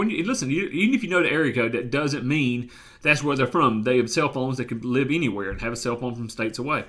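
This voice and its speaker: A man's voice: medium pitch, fairly bright tone. Emphatic Southern US male life coach. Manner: emphatic, repeats phrases, restarts often. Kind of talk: motivational coaching talk.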